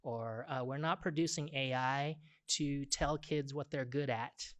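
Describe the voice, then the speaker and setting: A man's voice: mid-range voice, steady tone, measured pace, fairly bright tone, no echo. A man with a Boston accent introducing speakers at a conference, blunt and emphatic, often checking in with "right?". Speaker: symposium organizer introducing speakers. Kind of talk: conference talk.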